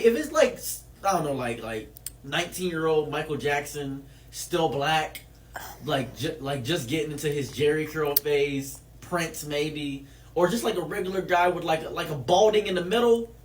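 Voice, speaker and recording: A man improvising absurd comedic answers in a deadpan, rambling way with lots of fillers. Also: fairly high pitch, moderate pace, a little hiss or hum. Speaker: comedy creator answering questions.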